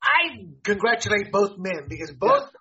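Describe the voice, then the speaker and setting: A man's voice: high voice, very animated, normal speed, bright, forceful tone. A man hosting a casual sports talk show, blunt and joking. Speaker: podcast host. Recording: dull lo-fi audio.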